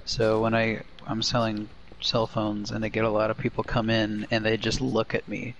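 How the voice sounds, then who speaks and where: A young man with a gravelly, creaky voice chatting in a mild, hesitant way. He comes through a dull, lo-fi mic with a faint hiss behind him. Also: lowish voice, completely flat delivery, moderate pace. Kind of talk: casual chat.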